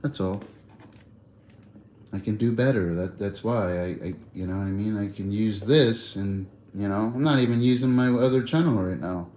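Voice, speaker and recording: A man's voice: mid-range voice, a little mellow. A man chatting loosely on a livestream, rambling in slang and laughing often. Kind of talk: casual livestream chat.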